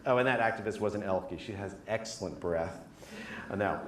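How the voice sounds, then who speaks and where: A man's voice: lowish voice, moderate pace, a little hiss or hum. Theatrical man in an echoey room. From New York and Connecticut. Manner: theatrical, shifts into mock voices. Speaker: speaker, performance artist. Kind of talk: comedic talk with acted voices.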